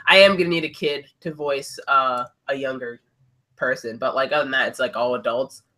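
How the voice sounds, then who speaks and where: A man's voice: mid-range voice, fairly even intonation, fairly quick, sharp tone. A man hosting a casual podcast chat, rambling with many fillers and hesitations. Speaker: podcast host.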